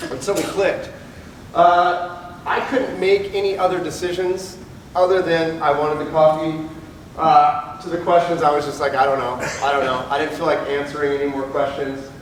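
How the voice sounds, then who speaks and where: A man's voice: on the high side, little pitch movement, moderate pace, slight background noise. Man's candid talk in an echoey hall. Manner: candid storytelling, acts out quoted people. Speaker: police officer giving a talk. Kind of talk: personal testimony to an audience. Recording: echoey hall, speaker far from mic, faint ambience.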